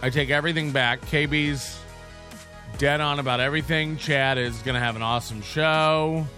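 Bright-voiced, profane male livestream host. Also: on the high side, steady tone, moderate pace, soft background music. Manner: rambling, profane, self-mocking. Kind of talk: casual livestream chat.

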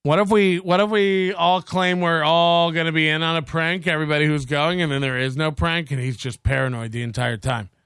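A man's voice: a little high, steady tone, a little fast, hardly any pauses, a bit bright, clean tone, no echo, studio quality. A man hosting a casual solo livestream, ranting sarcastically and profanely and thanking viewers for donations. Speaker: livestream host.

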